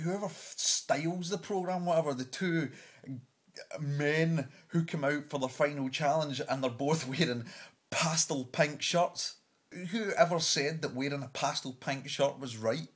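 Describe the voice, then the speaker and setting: A man's voice: medium pitch, measured pace. Exasperated man ranting. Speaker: vlogger. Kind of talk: comic rant.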